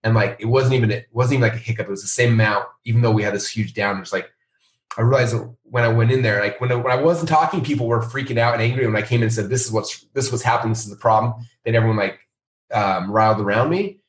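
A middle-aged man, a company founder, telling a story in a casual interview and acting out the people he quotes. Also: fast talker. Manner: animated, acts out quoted voices in a higher pitch. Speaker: founder and CEO of a software company. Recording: roomy sound, a bit off-mic.

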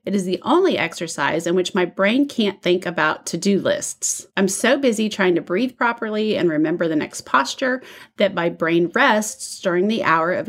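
A woman co-hosting a podcast, reading listener stories and chatting casually. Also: mid-range voice. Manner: conversational, uses fillers like "like" and "I don't know". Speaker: podcast co-host.

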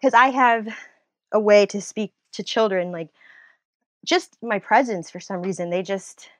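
In a casual interview, a female guest who works as a nurse and writer talks with a medium-pitched voice at a moderate pace. Her speech is lively and meandering, full of laughter and fresh starts, and there's no echo.

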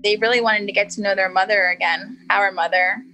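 Bright-voiced woman, chatty interview. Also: medium pitch, fairly even intonation, a little fast, slight background noise, rough recording. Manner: chatty, heavy use of "like". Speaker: interviewee, victim's half-sister. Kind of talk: documentary interview.

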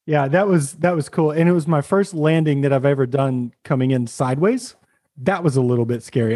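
A man, a podcast host, telling a lively anecdote in casual chat. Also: mid-range voice. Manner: animated anecdote telling with laughs.

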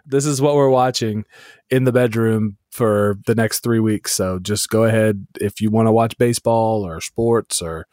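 A man co-hosting a podcast, trading dry, teasing remarks and laughing along. His voice sits on the low side. The recording is dry and close. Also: moderate pace, a little mellow, dry recording. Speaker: podcast co-host. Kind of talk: casual chat.

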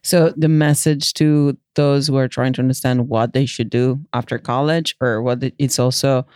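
A man hosting an interview podcast, asking questions in a polite, measured way. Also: mid-range voice, steady tone, a little mellow, smooth, no room sound, studio quality. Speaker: podcast host.

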